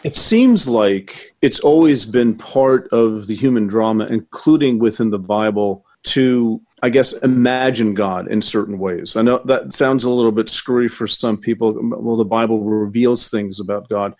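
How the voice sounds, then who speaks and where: A man's voice: fairly low pitch, a little slow, hardly any pauses, darkish tone. A man hosting a podcast interview, who phrases his questions by thinking aloud, with restarts and a wry sense of humor. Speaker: podcast host.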